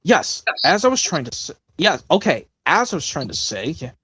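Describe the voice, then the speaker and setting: A man hosting a casual impressions stream, rambling with restarts and quick bursts of talk. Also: on the high side, very animated, fairly bright tone, husky, no room sound. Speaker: stream host doing voice impressions.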